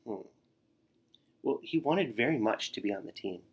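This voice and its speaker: A man reading a children's picture book aloud in an expressive way, with gasps and sighs. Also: fairly low pitch, normal speed, husky. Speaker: storyteller.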